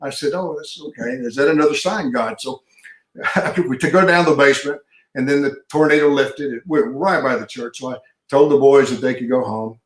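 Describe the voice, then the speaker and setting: Older man, folksy pastor telling a story, mid pitch, roomy sound. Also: moderate pace. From Texas. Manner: folksy storyteller, acts out dialogue. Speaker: pastor and retired police sergeant. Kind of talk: storytelling in an interview. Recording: roomy echo.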